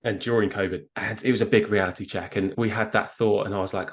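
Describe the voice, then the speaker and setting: A man with a southern English accent speaks in a relaxed podcast interview. His voice sits fairly low, and he talks with eager, self-deprecating energy, tripping over his words and restarting phrases. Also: fast talker, slight background noise. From England. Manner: enthusiastic, self-deprecating, frequent stammered restarts. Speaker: guest photographer.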